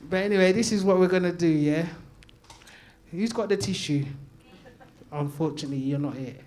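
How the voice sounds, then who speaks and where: A man with a London accent doing open-mic stand-up on a comedy night stage. His voice sits high for a man, and he talks loudly, laughing through his lines and trading calls with the crowd. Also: moderate pace. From Brixton, London. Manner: loud, chatty, laughing, riffs with the crowd.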